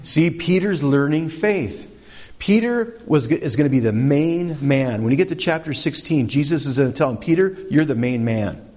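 A man's voice: fairly high pitch, animated, normal speed, a little mellow, dull audio. A man preaching a sermon as pastor, conversational, asking the congregation questions.

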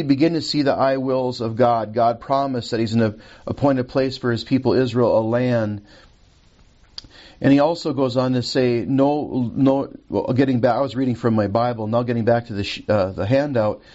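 A man's voice: mid-range voice, a little fast, a little mellow, lo-fi sound. Man teaching a recorded Bible lesson. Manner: reads scripture aloud, checks notes and corrects himself.

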